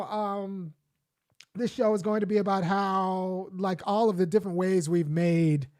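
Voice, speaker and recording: A man's voice: sits high, darkish tone. Man giving live political commentary. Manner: conversational, with frequent fillers and restarts; argumentative, lecturing. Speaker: host of a weekly live commentary show.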